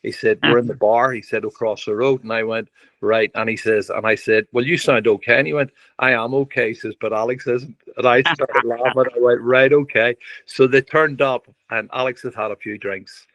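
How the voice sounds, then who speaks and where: An older man, a podcast guest telling lively stories full of quoted dialogue. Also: mid-range voice, moderate pace, no room sound. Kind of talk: anecdotal storytelling.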